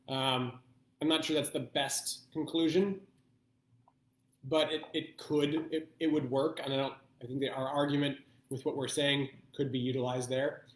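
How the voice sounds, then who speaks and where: Mid-pitched male host who muses aloud through a tasting, recorded in a roomy space. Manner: thoughtful, thinking aloud with pauses. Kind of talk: live online blind tasting.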